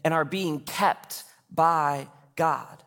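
A man in his thirties preaching a sermon in a church in a lively, conversational way with casual asides. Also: a little high, very slow, in a large hall. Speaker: pastor. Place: church sanctuary.

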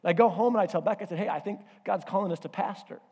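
A male pastor preaching a sermon, telling a personal story in an animated way and acting out voices and asides. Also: high voice, racing, breathy edge. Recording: hall reverb.

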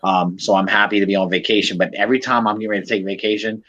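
A man with a fairly low voice chats in a relaxed, rambling way, full of fillers and casual swearing. He comes across as a show regular talking to friends. The sound is dry and close, with no room echo. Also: rapid-fire. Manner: loose, profane, rambling with fillers. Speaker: podcast regular. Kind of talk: casual chat.

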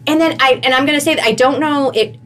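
A woman's voice: sits high, quick pace. A woman guest in a casual conversation, telling a personal story with lots of "like" fillers. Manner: animated, heavy use of "like" fillers.

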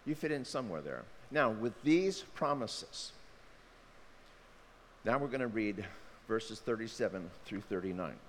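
Animated male preacher in a reverberant hall. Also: medium pitch, a little hiss or hum. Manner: animated, shifts between quiet asides and loud emphatic bursts. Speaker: pastor. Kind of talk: sermon. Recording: hall reverb with faint ambience.

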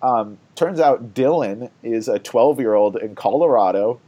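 A man's voice: mid-range voice, measured pace, dark tone. A man hosting a board game podcast, chatting casually and rambling with many fillers and laughs.

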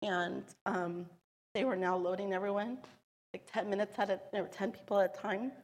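A woman's voice: medium pitch, steady tone, normal speed, big-room sound. A woman telling her own story in an earnest, emotional way, acting out the voices of the people she quotes. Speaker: storyteller sharing a personal testimony. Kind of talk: personal storytelling.

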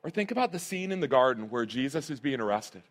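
A man's voice: mid-range voice, very animated, fast talker. A male pastor preaching a sermon, earnest and emphatic, repeating his key phrases.

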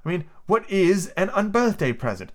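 Man putting on a raised, gentle voice for a polite storybook girl, lively. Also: sits high, normal speed, pitched above the performer's own voice. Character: polite, curious young girl. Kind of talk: amateur podcast book reading.

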